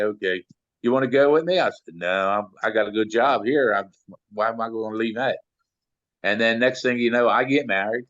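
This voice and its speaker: A man's voice: mid-range voice, a bit bright, no echo, muffled recording. An older man from Maryland, an interview guest telling long rambling stories packed with "you know" fillers. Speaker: interview guest, sound engineer. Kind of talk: casual storytelling.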